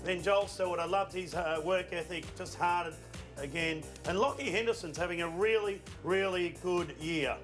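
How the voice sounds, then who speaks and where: A man's voice: high voice, moderate pace, a bit bright, echoey room, faint music behind. An Australian man on a sports panel, out of breath, exclaiming and laughing as he runs through clips. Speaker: panelist presenting footage segment. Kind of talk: casual studio banter.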